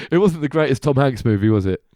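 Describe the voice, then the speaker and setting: A man's voice: medium pitch, lively intonation, normal speed, mellow, no echo, studio quality. A man co-hosting a podcast, chatting casually with a rambling, self-deprecating manner and frequent laughter. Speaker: podcast co-host. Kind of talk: casual chat.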